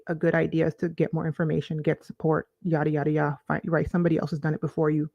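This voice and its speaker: Animated woman life coach. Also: low voice, very fast, gravelly, few pauses, highs cut off. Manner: animated, conversational, repeats phrases for emphasis. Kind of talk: direct-to-camera coaching talk.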